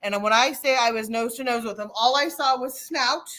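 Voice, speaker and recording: A middle-aged woman hosting a casual chat, telling an animated story with many restarts and fillers. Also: on the high side, normal speed. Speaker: host.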